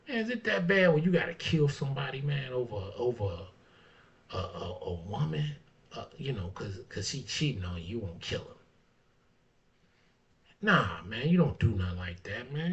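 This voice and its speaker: A man hosting his own talk show, speaking in a blunt, profane way, filling his talk with "man" and swinging from low mutters to heated rants. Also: animated, normal speed, recorded from a distance. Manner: blunt and profane, fillers of "man" and "you know what I'm saying". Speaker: barber and show host. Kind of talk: casual talk monologue. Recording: dull lo-fi sound, speaker off-mic.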